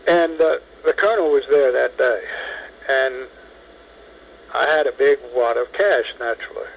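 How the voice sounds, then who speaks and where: Man, 70s, phone interview; lively storyteller who acts out the quotes, mid-range voice. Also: medium pitch, measured pace, vocal fry, a little hiss or hum, low-quality recording. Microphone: telephone.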